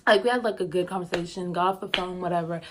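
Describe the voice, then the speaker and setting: A young woman telling a casual storytime, chatty and expressive with slangy asides and frequent laughs. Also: on the low side, quick pace, slight background noise. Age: young adult. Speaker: vlogger.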